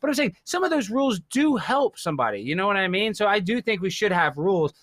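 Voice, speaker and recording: High, bright, fast-talking excitable man. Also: no echo. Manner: excitable ranting, mimics others. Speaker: podcast guest. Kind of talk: casual podcast conversation.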